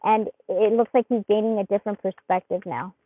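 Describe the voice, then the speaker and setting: A woman giving a live tarot reading, murmuring softly as she shuffles and then chatting in animated bursts with lots of laughter. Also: mid-range voice, brisk. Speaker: tarot reader. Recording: muffled phone-like sound.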